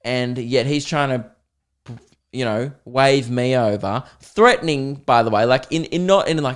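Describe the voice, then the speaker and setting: A man's voice: mid-range voice, moderate pace. Australian man telling a comic story. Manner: animated, self-mocking, acts out quoted voices. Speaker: comedian podcast host. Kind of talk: casual storytelling monologue.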